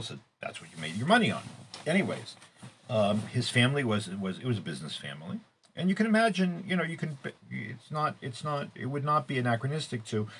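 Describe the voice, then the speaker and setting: A middle-aged man living in Israel, teaching a weekly Torah class in an unscripted, halting way, with many restarts and fillers and sudden emphatic rises. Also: mid-range voice, slightly rough.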